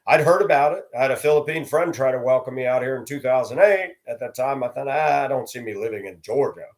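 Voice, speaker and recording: Middle-aged man, casual storyteller, mid-pitched, acts out quotes loudly. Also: quick pace. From from Denver area. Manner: acts out quoted voices, rising loud for confrontations. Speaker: vlogger telling personal stories.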